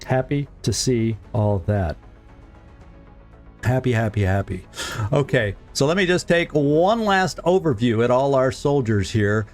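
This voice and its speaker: A man's voice: mid-range voice, animated, a little slow, darkish tone, soft background music. Chatty man streaming a strategy game. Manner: chatty, chuckles often, repeats words while thinking aloud. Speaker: gaming streamer. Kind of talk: casual let's-play commentary.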